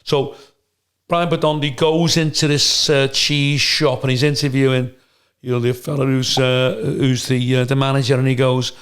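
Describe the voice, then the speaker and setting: A man with a gravelly voice, talking bluntly and with plenty of swearing as he co-hosts a casual podcast chat and tells animated stories. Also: mid-range voice, normal speed. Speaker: podcast co-host.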